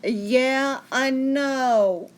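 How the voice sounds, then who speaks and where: A woman's voice: high-pitched, extremely slow. A woman hosting a casual livestream, chatting and answering viewer comments. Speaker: livestream host.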